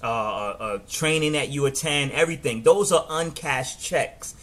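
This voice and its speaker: A middle-aged man with a New York accent, giving a casual, animated business training talk and often restarting his words. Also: mid-range voice, normal speed. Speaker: network marketing trainer.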